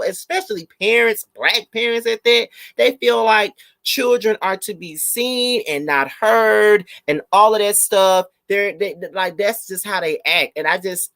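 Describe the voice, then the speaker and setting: A man's voice: high voice, dry recording. Chatty man reviewing a show live. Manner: chatty, animated, breaks into laughter and mocking impressions. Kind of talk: casual live review chat.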